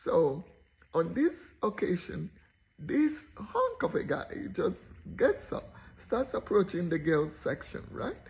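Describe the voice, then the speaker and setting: A woman giving a motivational talk as a story, animated and acting out the voices of the people in it. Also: on the low side, slow, vocal fry, lo-fi sound. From Nigeria. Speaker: motivational speaker.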